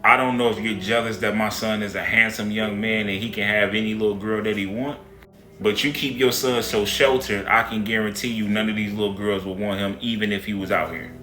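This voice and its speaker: A boastful father with a low, drawling voice and a bright, forceful edge, as the storyteller puts him on. Soft guitar plays under him in an echoey room. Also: flat delivery, a little fast. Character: proud bragging father, later humbled.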